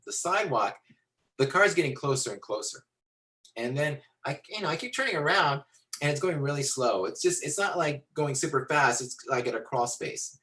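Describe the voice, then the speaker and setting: A man teaching storytelling to visual artists, animated and rambling with many fillers and restarts, talking into a computer on a video call. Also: fairly high pitch, poor audio. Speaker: storytelling instructor. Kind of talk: lecture with acted-out anecdote.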